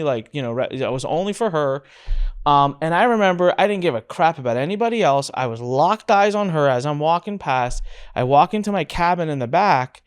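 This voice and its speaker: A man hosting a podcast, telling a personal story in an animated way and acting out the voices of the people in it. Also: fairly high pitch, fairly quick, clean tone. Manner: animated storyteller who acts out quoted dialogue. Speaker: podcast host.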